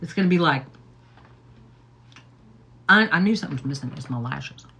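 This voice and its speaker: A middle-aged woman chatting casually as she gets ready on a livestream. Her voice sits low yet has a bright, sharp edge. She rambles and keeps tossing in "okay?" and "like". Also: lively intonation, moderate pace. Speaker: livestream host.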